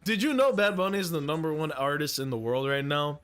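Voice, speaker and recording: Joking male streamer, slightly high. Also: a little fast, a bit bright. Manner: joking, laughs often, crude humor. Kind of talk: casual reaction livestream.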